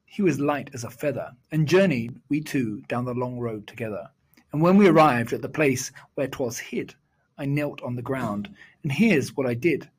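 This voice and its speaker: A man reciting a rhyming children's poem in a measured, sing-song storytelling delivery. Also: mid-range voice, animated, slightly rough.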